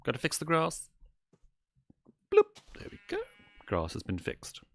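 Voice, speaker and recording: A man doing a flamboyant owl demon prince who swoops through a wide, lively pitch range as he chatters over a game. His delivery is theatrical and sing-song, unhurried and playful. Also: exaggerated voice. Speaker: streamer. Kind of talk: in-character let's-play stream.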